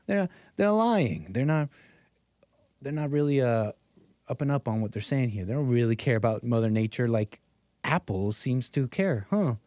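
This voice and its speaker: A man's voice: medium pitch, animated, moderate pace, mellow, no echo, pitched below the performer's own voice, lightly acted. A man voicing a sassy Mother Nature, a woman who is grudgingly impressed and scolding, in an exaggerated put-on accent.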